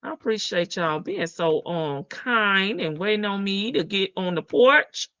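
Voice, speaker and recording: Hosting a livestream, a Southern American woman trades casual, folksy gossip with viewers, laughing and calling them "baby" and "child." Her medium-pitched voice is expressive and unhurried, pushed and bright with a clear, resonant tone. The lo-fi stream audio sounds dull and dry, with no room sound.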